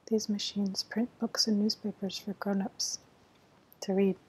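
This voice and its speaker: A haughty, self-important freight engine from a storybook speaks in a whispered role-play, as a woman reads him out. The breathy, mellow whisper stays hushed even when he boasts. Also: medium pitch, a little slow, poor audio. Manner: boastful, indignant. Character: proud, pompous big freight engine, male.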